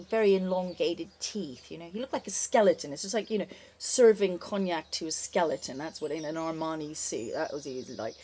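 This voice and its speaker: An older woman, a former bartender, telling a wry, lively anecdote in a casual spoken style. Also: on the low side, slight background noise. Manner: lively, animated, wry storytelling with fillers.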